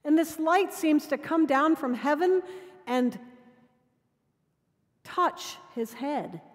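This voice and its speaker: A woman dean preaching a sermon in measured storytelling, sometimes dropping to quiet intimacy. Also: sits high, expressive. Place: cathedral. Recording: long cathedral reverb.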